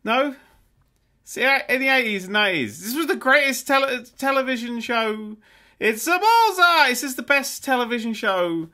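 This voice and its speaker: A man's voice: very high voice, lively intonation, moderate pace, pushed and bright. A man playing a video game, sarcastic and sweary, mocking the game and humming its tunes. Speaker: gaming YouTuber. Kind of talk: swearing, sarcastic let's play commentary.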